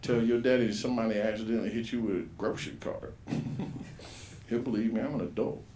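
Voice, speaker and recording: A man's voice: fairly low pitch, fairly even intonation, a little fast, slight background noise. Man in his fifties doing rowdy stand-up, swears a lot, voices everyone, echoey club room. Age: 50s. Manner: profane, rambling, acts out characters loudly. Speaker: stand-up comedian. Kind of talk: stand-up comedy set. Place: comedy club stage.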